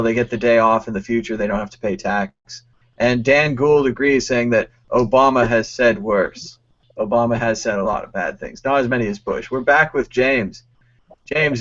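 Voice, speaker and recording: A man's voice: medium pitch, fairly bright tone. Man hosting a live show. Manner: brisk, reading out viewer comments. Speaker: host. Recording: dull lo-fi stream audio.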